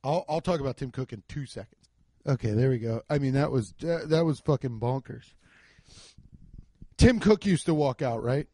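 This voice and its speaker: A man doing a casual comedic rant, profane and excitable, acting out the voices of people he quotes, on a handheld mic. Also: medium pitch, normal speed, no room sound. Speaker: stand-up comedian. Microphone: handheld microphone.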